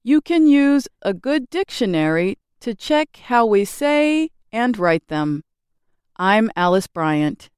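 A woman reading a scripted English grammar lesson with slow, careful, clearly enunciated delivery. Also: a little high, big pitch swings, a little mellow, dry recording, clean studio sound. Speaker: English teacher.

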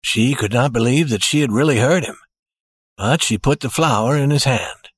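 A man reading a story aloud in a steady, expressive narrating style. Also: mid-range voice, normal speed, breathy edge, no room sound, studio quality.

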